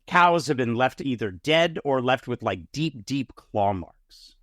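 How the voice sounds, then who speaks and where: A man's voice: medium pitch, animated, measured pace, a bit bright, no room sound, clean studio sound. A man running a tabletop game as game master, narrating casually with plenty of fillers.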